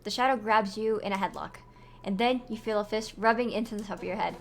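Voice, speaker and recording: A woman's voice: mid-range voice, steady tone, quick pace. A young woman streamer reading a visual novel aloud in a storybook narration with small slips. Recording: music playing underneath. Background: background music.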